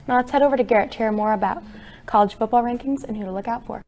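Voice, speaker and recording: A teenage girl anchoring a student sports segment, reading from a script in a brisk, upbeat manner. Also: fairly high pitch, darkish tone, a little hiss or hum.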